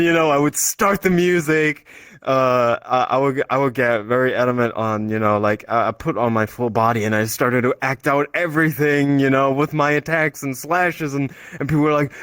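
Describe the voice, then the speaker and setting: A male podcast guest telling stories in a relaxed, chatty way, often pausing on fillers. His voice sits in a middle pitch and sounds dry, with no room echo. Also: clear, resonant tone. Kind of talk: casual chat.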